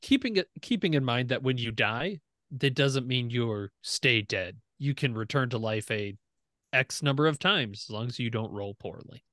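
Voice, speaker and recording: A young man running a tabletop game, explaining rules in a relaxed way with fillers. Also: medium pitch, normal speed, dry recording, clean studio sound. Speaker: game master.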